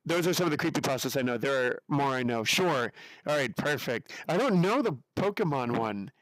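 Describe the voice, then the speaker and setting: A man's voice: medium pitch, expressive, brisk, a bit bright, no room sound. A man from the United States chatting casually with his live-stream audience in a chatty, giggly way, with an unusual voice. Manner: chatty, giggly, reacts to chat.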